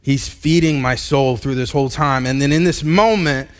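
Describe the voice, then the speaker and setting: A man in his thirties, a pastor, preaching a candid personal testimony in a live church sermon, halting and restarting as he talks. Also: medium pitch. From United States. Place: church sanctuary.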